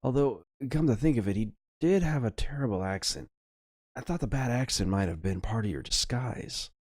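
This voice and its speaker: A man's voice: mid-range voice, animated, moderate pace, darkish tone, no echo, clean studio sound, pitched above the performer's own voice, natural voice. A man reading as a nervous female shop clerk. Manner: stammering, fearful.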